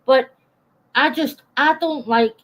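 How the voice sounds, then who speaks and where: A woman's voice: high-pitched, takes it slowly, a bit bright, poor audio. Blunt, swearing woman in her forties. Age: 40s. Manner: greets chat viewers mid-rant. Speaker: YouTube live streamer. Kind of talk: casual live-stream rant.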